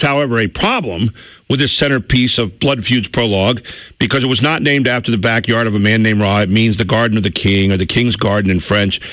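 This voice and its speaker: A man hosting a radio talk show, reading press quotes aloud and asking questions with many halting fillers. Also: lowish voice, a bit bright, dry recording. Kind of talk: radio interview. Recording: dull dry radio audio.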